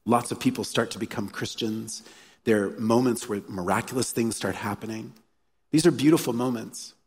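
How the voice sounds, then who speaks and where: Husky-voiced pastor preaching in a big hall. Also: male voice, medium pitch, normal speed, darkish tone. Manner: earnest, storytelling, repeats key phrases. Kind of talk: sermon. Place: church hall. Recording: live sermon in a reverberant hall.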